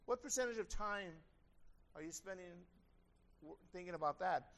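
A man's voice: sits high, expressive, moderate pace, a bit bright. A man preaching a sermon as pastor, earnest and conversational, with a slightly strained throat.

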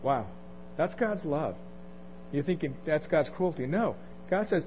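A man's voice: on the high side, expressive, a little slow, long pauses. A man preaching a conversational sermon as pastor, asking the congregation questions and chuckling between points. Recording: dull lo-fi recording, faint noise.

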